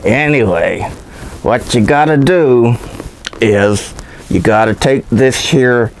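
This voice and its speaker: A gruff, matter-of-fact demon answers in short, lowered lines, as a man puts him on. He speaks slowly at a middling pitch, with a faint hiss behind him.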